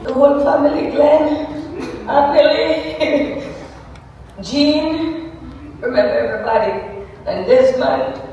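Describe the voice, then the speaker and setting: A woman tells fond family stories at a memorial, her fairly high voice full of animated laughter. The sound comes from a distant mic in a large, very echoey hall with long reverb. Faint noise hangs in the background. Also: slow, long pauses, highs cut off. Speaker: mourner giving a tribute. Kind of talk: fond reminiscing tribute.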